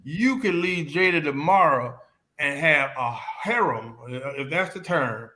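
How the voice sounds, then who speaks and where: A man's voice: fairly high pitch, measured pace, a little hiss or hum. A man co-hosting a podcast, telling stories in casual banter and laughing often. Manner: animated storyteller, laughs often. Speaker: podcast co-host.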